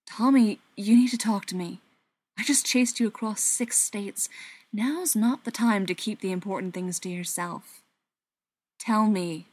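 A woman voicing a calm, gentle male vampire who speaks softly and slowly, almost whispering. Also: medium pitch, dry recording, lightly acted. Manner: soft and slow, near a whisper.

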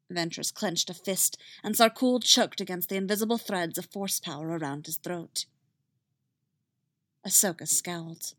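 A woman narrating a fan fiction story in a steady, even reading voice. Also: lowish voice, normal speed, dry recording, studio quality.

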